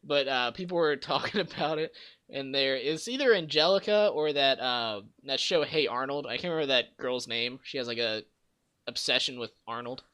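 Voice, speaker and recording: Young guy hosting a gaming podcast, bright punchy voice, laughing and cussing a lot. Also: mid-range voice, normal speed, clean tone. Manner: laughs often, swears, acts out cartoon scenes. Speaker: podcast host. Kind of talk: casual chat.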